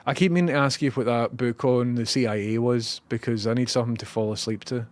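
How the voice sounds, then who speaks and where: A man's voice: medium pitch, steady tone, fast, dry recording. A man hosting a live stream, chatting wryly and reading viewer messages. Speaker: livestream host. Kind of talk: casual live commentary.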